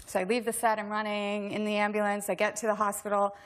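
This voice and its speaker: A woman's voice: mid-range voice, quick pace. A woman appearing as an actor guest on a talk show, telling stories with lots of laughter. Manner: giggly, animated storyteller.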